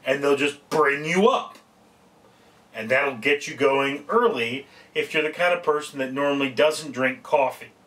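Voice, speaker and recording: Heard through a distant mic, this vlogger has a medium-pitched, fairly bright voice as he shares homespun advice from home. His talk wanders, folksy and loose, and he keeps cutting himself off mid-sentence to fix what he said.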